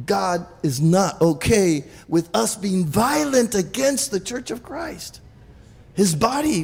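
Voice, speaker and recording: A man preaching an animated sermon as a pastor, breaking off and restarting often. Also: extremely high pitch, in a large hall. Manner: animated preaching with frequent restarts and call-outs.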